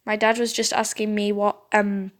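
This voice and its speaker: A woman's voice: mid-range voice, little pitch movement, moderate pace. A young woman reading a story game aloud, often stumbling over words and correcting herself. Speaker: gameplay video host.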